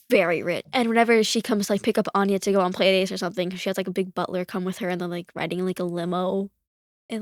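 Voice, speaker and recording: Casual woman guest, rambling and filler-heavy, mid pitch, dry room. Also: dry recording. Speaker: podcast guest. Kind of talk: casual chat.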